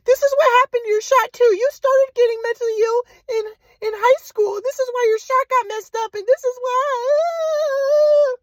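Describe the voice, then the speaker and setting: A man mimicking a frantic mother in a very high, piercing falsetto, wailing in panic and pitched far above his own voice. The delivery is loud and heightened, and the sound stays close and dry. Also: normal speed, no echo. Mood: panicked. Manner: shrill, hysterical, wailing.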